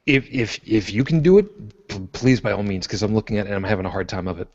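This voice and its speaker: Low-voiced, apologetic male podcast host. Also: quick pace, darkish tone, muffled recording. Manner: self-deprecating, apologetic. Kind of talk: casual chat.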